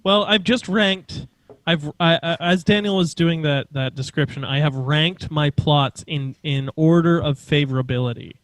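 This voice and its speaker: Slightly high-voiced man ranking plots. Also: normal speed, no room sound, poor audio. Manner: wry, ranks things methodically. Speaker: podcast co-host. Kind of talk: casual chat.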